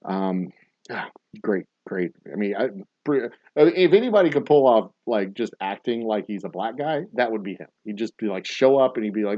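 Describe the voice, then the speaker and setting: A man with a lowish voice hosts a casual trivia night, animated and at normal speed, reading out answers and drifting into dad jokes and asides. He's a jokey, rambling storyteller. The lo-fi recording is dull and dry, with no room sound.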